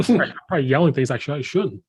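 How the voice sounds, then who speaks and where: A lively man with a slightly hoarse voice, talking shop on his podcast and acting out his own stories with quick laughs. His voice sits at an ordinary middle pitch, and he sounds close and dry, with no room around him. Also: no echo. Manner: animated storyteller, quotes himself, laughs often. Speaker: podcast host and football coach. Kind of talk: casual chat.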